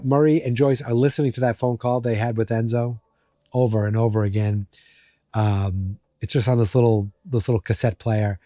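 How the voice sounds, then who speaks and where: A man's voice: mid-range voice, warm tone, no room sound, clean studio sound. A man hosting a podcast, recapping an episode in a rambling, joking way with many fillers. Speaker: podcast host.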